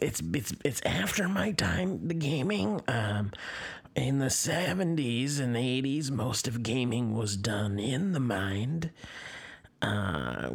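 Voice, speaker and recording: Comedy podcast man, unhurried, rambling deadpan improv with lots of stops and restarts. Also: mid-range voice, gravelly, husky.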